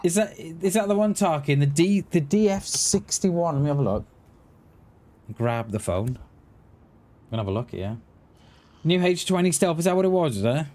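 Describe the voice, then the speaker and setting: A man's voice: on the high side, big pitch swings, normal speed, pauses often, darkish tone. A man streaming a survival game, chatting casually with his viewers in a rambling way, often restarting his words. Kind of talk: casual livestream chat while gaming.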